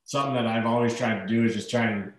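A man's voice: mid-range voice, fairly even intonation, fast talker. A man in his thirties, a hockey player guest in a casual interview, talking in an easygoing, rambling way with fillers. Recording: echoey room.

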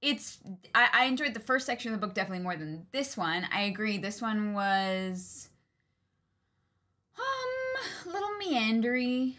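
A woman's voice: a little high, big pitch swings, moderate pace, pushed and bright. A woman co-hosting a casual livestream book club, upbeat, often stumbling and restarting her sentences. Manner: upbeat, with frequent hesitant restarts. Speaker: co-host of a book club stream.

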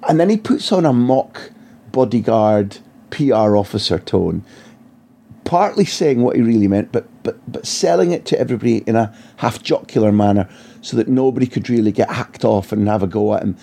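A man's voice: lowish voice, expressive, moderate pace, vocal fry, mellow. A man, a football journalist telling vivid anecdotes in an interview, often restarting his phrases. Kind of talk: storytelling interview answers.

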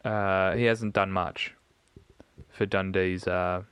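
Blunt young man, low voice. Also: steady tone, slow, fairly bright tone, clear, resonant tone, no echo. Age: 20s. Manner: blunt, emphatic opinions. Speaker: podcast co-host. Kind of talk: casual sports chat.

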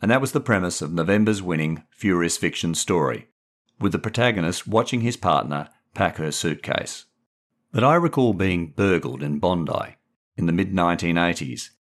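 A man, author and narrator, reading his own short story with measured, clear narration. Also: low voice, expressive.

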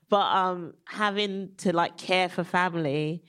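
A woman comedian, a guest on a live podcast, tearful and hesitant with many pauses. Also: fairly low pitch, steady tone, fairly bright tone, smooth. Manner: hesitant, full of ums.

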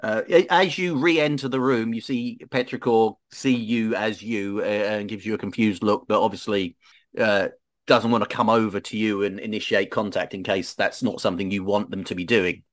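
Game master narrating a tabletop game. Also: male voice, lowish voice, fairly even intonation, normal speed. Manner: hesitant, filler-heavy narration.

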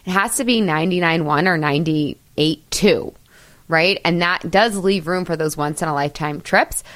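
A woman's voice: sits low, moderate pace, a bit bright, no echo. A middle-aged woman hosting a motivational podcast, talking in an enthusiastic, chatty way and laughing at her own jokes. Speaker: podcast host.

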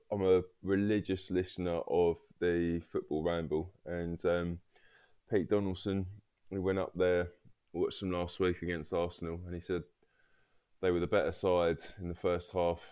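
A man's voice: low voice, mellow, smooth. A man co-hosting a football podcast, talking casually and hesitantly, often repeating words. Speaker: podcast co-host.

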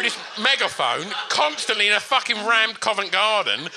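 A man's voice: sits high, moderate pace, gravelly, heavy background noise. A man, co-hosting a podcast recorded live in front of an audience, telling stories with lots of swearing and laughter. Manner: animated, sweary, laughing storyteller. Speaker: podcast co-host.

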